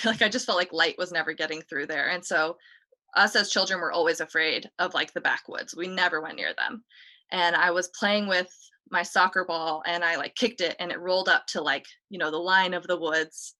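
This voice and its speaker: A woman with a lower-pitched voice and a bright, forward tone tells a ghost story as a guest on a talk show. She speaks fairly quickly in a casual, chatty way, repeatedly slipping in "like" and "you know."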